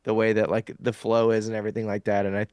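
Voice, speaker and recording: A man's voice: fairly low pitch, fast, no room sound. A young adult man, a guest musician, chatting casually and explaining things at length with many fillers. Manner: relaxed, explains things in detail with lots of fillers. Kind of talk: casual interview chat.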